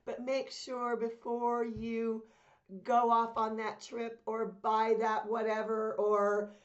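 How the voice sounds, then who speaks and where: A woman spiritual coach talking casually to her viewers, earnest and encouraging, slowing down to stress her points. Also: a little high, highs cut off. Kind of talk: casual talk to camera.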